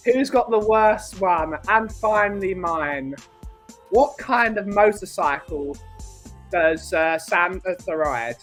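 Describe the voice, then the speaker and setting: A man's voice: high voice, lively intonation, slow pace, fairly bright tone, soft background music. A man hosting a casual podcast in a playful, jokey way. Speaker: host.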